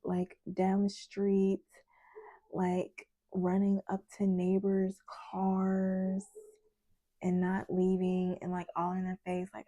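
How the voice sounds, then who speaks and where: A woman tarot reader chatting in a casual vlog, telling a story in an animated way with many asides. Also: mid-range voice, slow, dry recording, dull audio.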